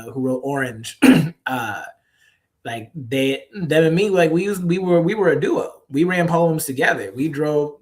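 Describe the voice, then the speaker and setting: A poet and author tells stories in a relaxed interview, laughing often and acting out the voices of the people he quotes. His voice is a little high.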